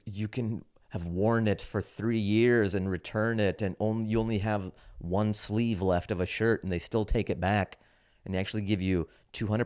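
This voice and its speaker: A man in his thirties, a comedian hosting his podcast, telling a rant-like story in a casual, animated way and acting out other people's lines. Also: fairly low pitch. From United States. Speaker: podcast host, standup comedian.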